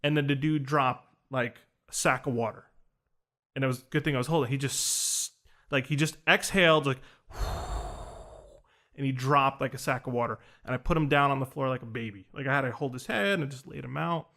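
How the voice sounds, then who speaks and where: A man's voice: mid-range voice, a little fast, vocal fry. A man telling a personal story in casual conversation, acting out the dialogue he quotes. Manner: animated, acts out quoted dialogue. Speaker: podcast host recounting an experience.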